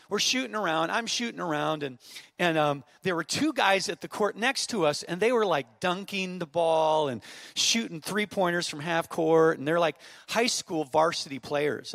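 Man, fifties, pastor, sermon, high voice, dry close sound, storytelling, fervent shouted peaks. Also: normal speed, gravelly, no echo. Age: 50s. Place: church auditorium.

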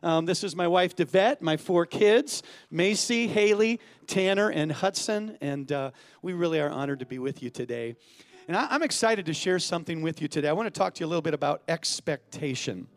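A middle-aged man from California preaching a sermon as a guest pastor, energetic and joking, calling for amens. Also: a little high, fairly quick.

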